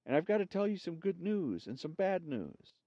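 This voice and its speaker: A man voicing an old man's ghost calling down from heaven, pitched up and hushed. The recording is dull and dry. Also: sing-song, moderate pace, no room sound, heavily acted. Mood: announcing.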